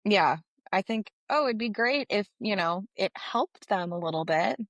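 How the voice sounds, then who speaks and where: A young woman co-hosting a local news podcast, chatty and quick to laugh. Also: mid-range voice, animated, no room sound. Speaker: podcast co-host. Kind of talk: casual news chat.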